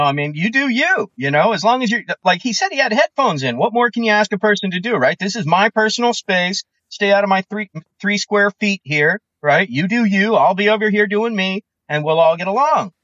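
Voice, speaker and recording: Bright, animated opinionated man. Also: high-pitched, a little fast, few pauses, no room sound, lo-fi sound. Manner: animated, opinionated, acts out voices for emphasis. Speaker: podcast guest, comedian. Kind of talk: casual podcast chat.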